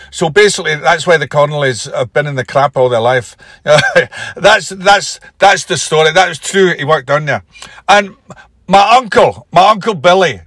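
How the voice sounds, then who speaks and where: A comedian spinning long, meandering yarns, as a man puts him on, delivering the punchlines flat and deadpan. The voice sits fairly high, is bright and forward, and the recording is close and dry. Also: no echo. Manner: rambling anecdotes, deadpan punchlines. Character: comedian from Glasgow impression, man, easygoing storyteller. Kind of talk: comic impression interview.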